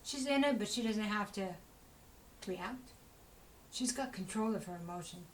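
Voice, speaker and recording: A woman's voice: mid-range voice, normal speed, a little hiss or hum, low-quality recording. A woman giving a casual spoken tarot reading, chatty and rambling, with many asides to the listener and an encouraging tone. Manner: chatty, rambling, full of "you know" asides; encouraging, talks straight to the listener. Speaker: tarot reader.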